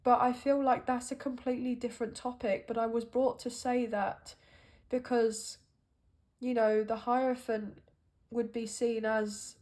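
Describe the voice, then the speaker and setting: Slow, musing woman reading tarot. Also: on the high side, level tone, darkish tone. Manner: musing and hesitant, thinking aloud with many fillers. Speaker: tarot card reader. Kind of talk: intuitive tarot reading monologue.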